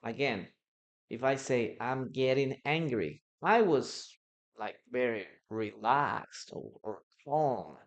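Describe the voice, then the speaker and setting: A man whose first language is Spanish, teaching a live online English class and patiently explaining grammar through example sentences on a computer mic. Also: medium pitch.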